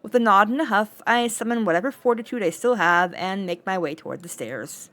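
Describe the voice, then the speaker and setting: A woman's voice: medium pitch, brisk. Woman streamer narrating a visual novel. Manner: expressive, playful narration. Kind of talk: reading a visual novel aloud.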